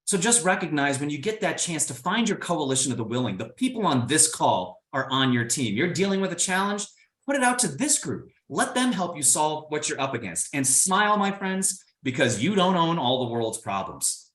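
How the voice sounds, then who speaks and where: With a slightly high voice at a moderate pace, a man from Indiana, United States gives an animated, playful motivational keynote aimed directly at his audience. The recording is reverberant.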